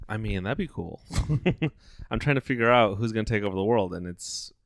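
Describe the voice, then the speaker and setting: A man with a fairly low voice trading jokes on a podcast, tossing out provocative lines and chuckling, recorded close and dry. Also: moderate pace, no echo. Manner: joking, provocative, laughs a lot. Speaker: podcast co-host. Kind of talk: casual podcast chat.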